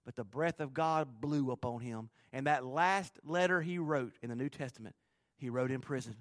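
A man preaching a sermon with animated, joking, emphatic storytelling. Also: medium pitch, normal speed, no room sound. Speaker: pastor.

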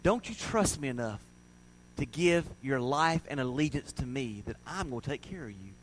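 A man with a fairly high voice voicing Jesus as a calm, reassuring teacher, in slow, steady phrases. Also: slight background noise.

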